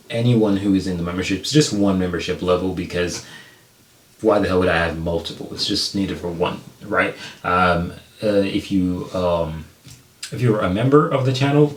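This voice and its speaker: American dude doing reaction commentary, kinda low voice, roomy echo, gets hyped and laughs a lot. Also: male voice. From United States. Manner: excitable, laughing, slangy, jumps high in pitch when excited. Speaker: reaction video host.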